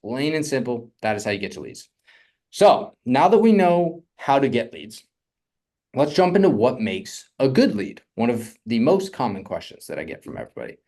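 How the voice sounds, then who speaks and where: A young man coaching on real estate funding in a casual, energetic teaching talk, often asking "right?". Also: mid-range voice, normal speed.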